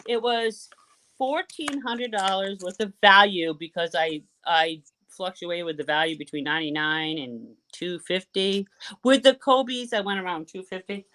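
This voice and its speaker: A woman from Boston with a Boston accent, chatting excitedly and casually as a guest on a live call-in show, swearing now and then. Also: on the low side, a little slow. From Boston, USA. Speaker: caller guest.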